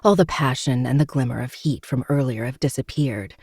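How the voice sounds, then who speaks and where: A man narrates a romance novel aloud in steady, dramatic first person. His tone is mellow and slightly husky, with a gravelly edge. The sound is dry and close. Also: mid-range voice, fairly quick, dry recording. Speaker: podcast host.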